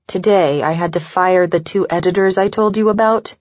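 A woman's voice: fairly low pitch, moderate pace, a little mellow, no room sound, close to an everyday voice. A woman narrator voicing a weary, frank professional woman in an audiobook, with a blunt, wry delivery. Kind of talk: audiobook dialogue. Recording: dull lo-fi dry recording.

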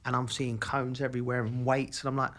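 A man's voice: mid-range voice, a little fast. A man with a London accent, a former footballer co-hosting a podcast, telling stories in casual chat and acting out the voices of the people he quotes. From England. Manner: animated, acts out quoted voices.

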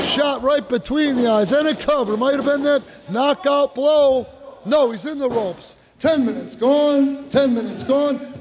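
A man giving excited, folksy play-by-play commentary on a wrestling match, repeating phrases for emphasis. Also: very high voice. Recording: noisy live recording.

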